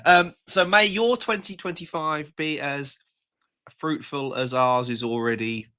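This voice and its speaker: A man's voice: a little high, unhurried, pushed and bright. A man co-hosting a live show with wry, theatrical quips. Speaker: co-host. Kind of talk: casual live show chat.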